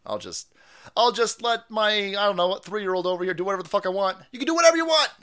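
A man streaming ranting commentary, foul-mouthed and loud, laughing and jumping between mutters and yells. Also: sits high, very animated, fast, smooth.

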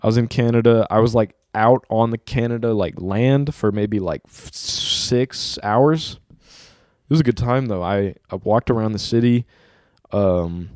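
Hosting a relaxed podcast chat, a young man spins a long, slangy story packed with swearing. His lowish voice has a darkish tone and runs a little slow, in a dry, studio-quality recording.

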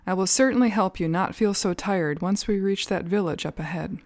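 A woman voicing an old male Zen master who answers his student in short, calm, teasing lines in a spoken story. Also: mid-range voice, fairly quick, no room sound, clean studio sound, lightly acted. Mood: wry.

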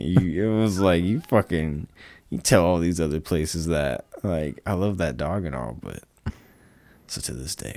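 Man, very deep voice, casual profane chat, animated stories, dry recording. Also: a little slow, no echo. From United States. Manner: profane, rambling, animated storytelling. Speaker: podcast guest.

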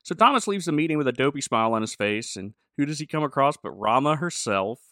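A man's voice: mid-range voice, fast talker, no echo, studio quality. A man, a podcast co-host and pastor, chatting casually about a show and acting out the characters' lines as he retells scenes. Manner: animated, voices characters in quoted dialogue. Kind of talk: casual review chat.

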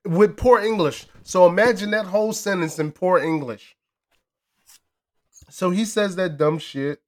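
Loud profane man talking trash. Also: high-pitched, a little slow. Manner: loud, profane, animated trash talk with laughter. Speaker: podcast host. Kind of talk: casual chat between friends.

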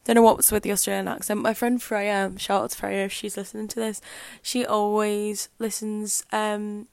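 Chatting casually on her solo podcast, this young adult host rambles and leans heavily on "like" and "um." She speaks at normal speed with a flat, medium-pitched delivery touched by vocal fry, and the audio has no echo.

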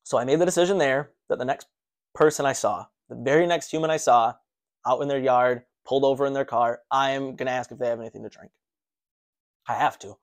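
Casual male storyteller at a mid pitch, animated and conversational, recounting a personal adventure. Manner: animated, breathless recounting with restarts. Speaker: runner telling his own story.

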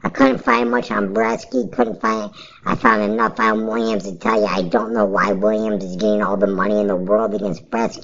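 A woman with a heavily gravelly, husky voice hosts a casual sports podcast, rambling bluntly through her picks. Her delivery swings up and down in pitch, sitting low. The recording is muffled and lo-fi. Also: lively intonation, normal speed, a bit bright. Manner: rambling, blunt, offhand and profane. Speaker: podcast host.

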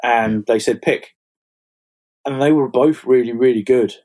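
A man, a fantasy author chatting as an interview guest, self-mocking and quick to laugh at his own stories. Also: medium pitch, a little mellow. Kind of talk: casual interview chat.

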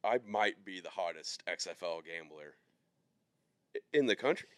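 This co-host speaks at a moderate pace in a low-pitched voice with lively intonation and no echo. His podcast talk about sports bets is casual and rambling, sprinkled with many fillers.

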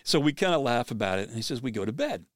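A man hosting a podcast, telling a story in an animated way, acting out the quoted speech of the people in it. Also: medium pitch, fast talker, no echo, studio quality.

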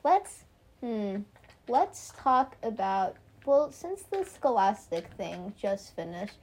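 A teenage girl co-hosting a casual chat podcast, playful and giggly, talking in quick bursts. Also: mid-range voice, very animated, darkish tone. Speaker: podcast co-host.

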